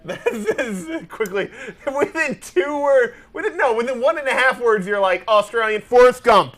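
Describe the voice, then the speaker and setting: A man's voice: very high voice, expressive, unhurried, fairly bright tone. A man hosting a casual talk show, tired and chatty, laughing often and rambling with restarts. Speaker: show host. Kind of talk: casual chat.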